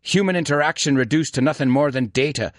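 A man's voice: fairly high pitch, fast talker, no room sound, studio quality, close to an everyday voice. A man doing a put-on Scottish accent, playing a bitter, disillusioned Scottish man delivering a scornful, rhythmic rant. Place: studio.

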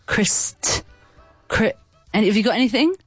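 A woman's voice: fairly high pitch, lively intonation, measured pace, slightly rough, dry recording, soft background music. A middle-aged woman from England co-hosting a radio show, chatting casually and teasing her co-host, laughing often. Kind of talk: casual bilingual radio chat.

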